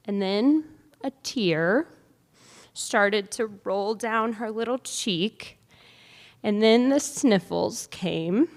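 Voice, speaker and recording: A woman in her thirties, a faculty speaker at a white coat ceremony, telling a personal story in a conversational, chatty way. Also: medium pitch. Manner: conversational, chatty, with light laughs. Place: large theatre. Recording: long theatre-hall reverb.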